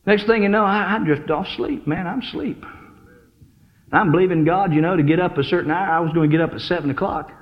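Fervent male preacher, very high voice, exhorting a congregation; dull lo-fi service recording. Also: a little fast. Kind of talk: sermon. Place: church service.

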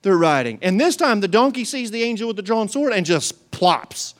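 A middle-aged man preaching a sermon, telling a story with lively acted-out voices and frequent laughter. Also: sits high, normal speed. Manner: animated storytelling, acts out voices, laughs often. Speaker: pastor.

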